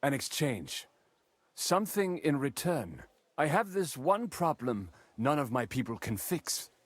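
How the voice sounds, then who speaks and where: A man's voice: mid-range voice, sing-song, unhurried, dry recording. An actor voicing a suspicious, bitter man in a game, who speaks curtly and guardedly. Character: wary, bitter adult male Jewish townsman. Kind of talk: game dialogue.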